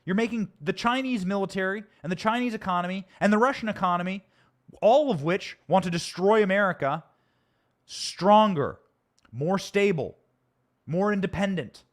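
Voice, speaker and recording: A man with a fairly high voice rants through his political commentary, angry and emphatic. He pushes every point with theatrical force, and he speaks from a studio. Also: normal speed. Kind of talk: heated political commentary rant.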